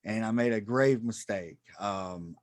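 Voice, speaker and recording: A man doing a stand-up comedy set on a club stage, self-deprecating and halting, with many ums and restarts. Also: on the low side, dry recording, studio quality.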